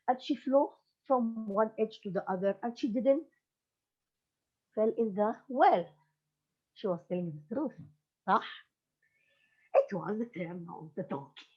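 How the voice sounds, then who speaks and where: A woman tells a folk tale over a video call, her voice lively and animated. The call audio sounds a little muffled. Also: a little high, slow pace, long pauses. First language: Arabic. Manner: lively, mixing in chanted rhymes. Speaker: storyteller.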